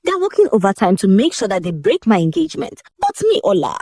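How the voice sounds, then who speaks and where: A desperate, wounded young woman who cries out in high, breathy exclamations, voiced by a woman storyteller. Her lines leap sharply in pitch in this dry, close storybook reading. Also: wildly swooping pitch, fast, a little mellow, no room sound. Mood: falsely cheerful.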